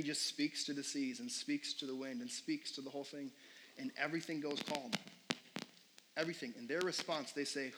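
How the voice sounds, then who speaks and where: A man's voice: fairly high pitch, steady tone, normal speed, heavy background noise. A young adult man preaching a sermon as pastor in a casual, conversational way, full of fillers and questions put to the congregation.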